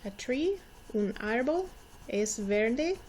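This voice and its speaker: A woman in her forties teaches young children at a slow, careful pace and repeats each word so they can echo her. Her voice sits a little high, and she sounds warmly encouraging. A faint hiss of noise runs under the recording. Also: big pitch swings. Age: 40s. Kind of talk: slow, patient classroom instruction.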